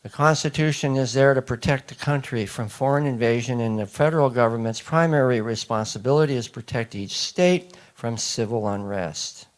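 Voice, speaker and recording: A man's voice: medium pitch, normal speed, few pauses. Emphatic man lecturing an audience. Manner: emphatic, asks the audience questions. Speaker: speaker addressing an audience. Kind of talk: public lecture.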